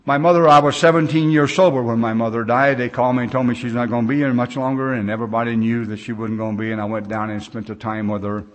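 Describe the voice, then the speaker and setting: A man's voice: mid-range voice, steady tone, fast talker, hardly any pauses. Folksy older American man telling his story. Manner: folksy storyteller, plain-spoken grammar, acts out quoted speech. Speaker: recovery meeting speaker. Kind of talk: personal recovery story told to a conference crowd. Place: large conference gathering.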